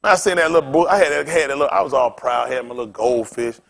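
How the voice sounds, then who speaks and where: A man's voice: medium pitch, quick pace, vocal fry, fairly bright tone. A male pastor preaching a sermon with funny stories, talking in a loose, colloquial way and often laughing as he tells them. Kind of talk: sermon with humorous storytelling.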